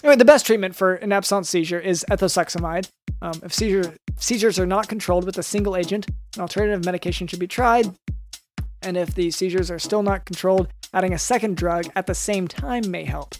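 A man's voice: high voice, fairly quick, soft background music. A man who is a doctor hosting a comedy podcast, reading medical notes with hesitant fillers between jokes.

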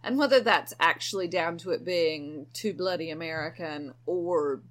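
A woman's voice: lowish voice, normal speed. A woman, co-hosting a podcast in blunt, wry casual chat. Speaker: podcast co-host.

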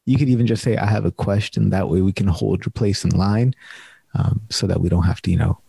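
A relaxed, chatty man hosting an online meetup from his video call. His voice sits low with a dark, slightly husky grain. The sound is dry and close. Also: a little fast, no room sound. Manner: laid-back, chatty, says "man" often. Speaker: host. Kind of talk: casual chat.

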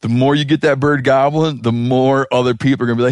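A man hosting a podcast, talking in a rambling, animated, casual way and swearing now and then. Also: medium pitch, quick pace, smooth, no echo. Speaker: podcast host. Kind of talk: casual chat.

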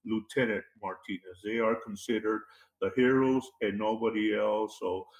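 A man's voice: lowish voice, fairly even intonation, normal speed. A man talking as an interview guest, emphatic and fond of repeating key phrases. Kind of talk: casual interview talk. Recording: roomy echo.

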